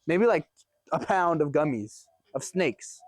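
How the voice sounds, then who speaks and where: A young man casually telling a story on his vlog in an animated way, swearing often and laughing as he goes. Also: a little high, measured pace, no echo. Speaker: vlogger.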